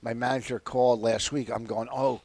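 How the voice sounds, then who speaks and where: A man's voice: medium pitch, normal speed, fairly bright tone, no echo. A man, a comedian, telling stories in a casual radio talk and laughing often. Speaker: guest comedian.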